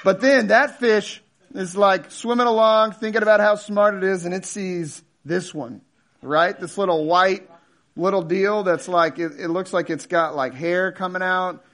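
A man in his thirties preaching a sermon in a casual, joking storytelling way with animated asides. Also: high-pitched, a little slow. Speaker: pastor.

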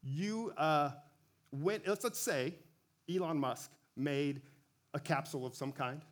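A man giving a relaxed sermon, talking conversationally with frequent self-corrections and joking asides. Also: fairly high pitch, slow. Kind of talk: casual sermon.

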